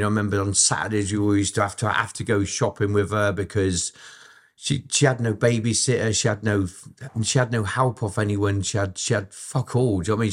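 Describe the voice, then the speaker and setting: A middle-aged man, telling blunt, profane, rambling stories about his past as an interview guest. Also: fairly low pitch. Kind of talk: casual storytelling, heavy swearing.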